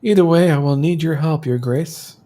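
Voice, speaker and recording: A man's voice: fairly high pitch, normal speed, dark tone, lightly acted. A man reading out a game's lord, a desperate father who pleads for help in a plain, straightforward way. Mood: earnest. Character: male lord, a desperate father, middle-aged.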